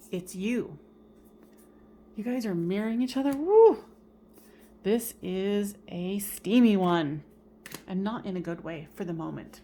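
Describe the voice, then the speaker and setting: Expressive casual woman reading tarot. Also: medium pitch, a little hiss or hum. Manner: casual, expressive, swears and laughs at herself. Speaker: tarot reader.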